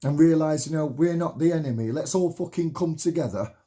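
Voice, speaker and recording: In his late thirties, a man rants passionately to camera, swearing and repeating himself to rally listeners. His voice is high for a man but warm and soft-edged rather than bright, and he speaks briskly.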